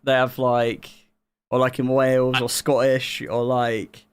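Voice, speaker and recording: A man with an English accent hosts a live music stream in loose, rambling chat. He laughs a lot and leans on fillers. His voice is smooth and clear at a middle pitch. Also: monotone, measured pace. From England.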